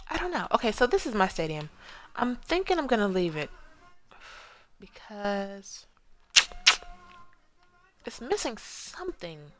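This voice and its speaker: Gravelly-voiced woman streamer, rambling chat. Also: mid-range voice, big pitch swings, moderate pace, pauses often. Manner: rambling, chatty storytelling, talks to viewers. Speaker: game streamer. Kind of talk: casual live-stream chat while building.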